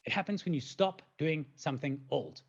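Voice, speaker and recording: A man in his forties giving an energetic webinar talk, animated and playful, with rhetorical questions and sound effects. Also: a little high, moderate pace, highs cut off. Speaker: presenter.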